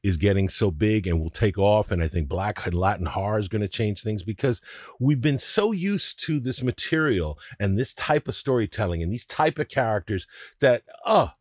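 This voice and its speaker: A man with a lowish, expressive voice co-hosting a podcast. He works through his points one by one and leans on everyday comparisons to make them. The recording is close and dry. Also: moderate pace, no room sound. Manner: thoughtful, explains with analogies, casual swearing. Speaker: podcast co-host. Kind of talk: casual podcast chat.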